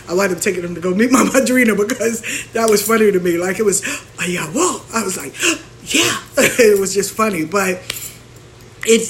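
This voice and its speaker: A woman, hosting and talking casually, telling stories in an animated way and acting out the people she quotes. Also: mid-range voice, slight background noise. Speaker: spiritual practitioner and host. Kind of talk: casual monologue.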